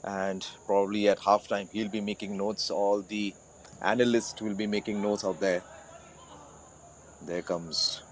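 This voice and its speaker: A man's voice: fairly low pitch, level tone, unhurried, a little hiss or hum. A man co-commentating a live football match in an easygoing, agreeable way.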